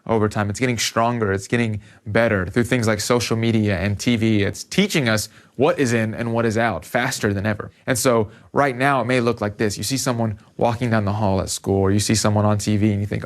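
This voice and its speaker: A man preaching a youth sermon to teenagers in a conversational, animated storytelling way. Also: lowish voice, brisk, few pauses. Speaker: youth pastor.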